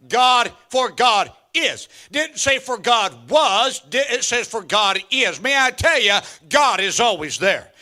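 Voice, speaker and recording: Fifty-something pastor preaching hard, super bright sharp voice, repeats lines, shouts now and then. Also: male voice, very high-pitched, big pitch swings, takes it slowly, hardly any pauses. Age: 50s. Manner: emphatic preaching with repetition and sudden shouts; joking asides to the congregation. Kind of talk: sermon.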